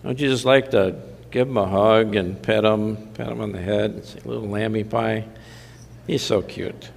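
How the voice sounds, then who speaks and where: A man's voice: on the low side, fairly even intonation, normal speed, vocal fry, big-room sound. A man preaching a conversational sermon, with mildly sardonic asides. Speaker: pastor.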